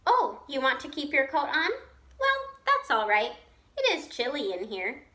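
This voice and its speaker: A woman's voice: sits high, huge pitch swings, a little slow, sharp tone, echoey room, exaggerated voice. A woman playing a cheerful old grandmother. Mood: welcoming. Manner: cheerful, chatty, fussing hostess. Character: kindly old grandmother with failing eyes.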